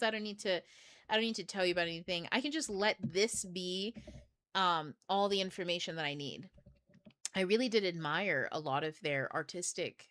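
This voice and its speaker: Middle-aged woman, casual blunt host who curses and laughs a lot; bright, edgy tone, dry recording. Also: lowish voice, expressive, fairly quick, no room sound. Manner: blunt, profane, laughs often. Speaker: book club host. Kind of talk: casual livestream talk.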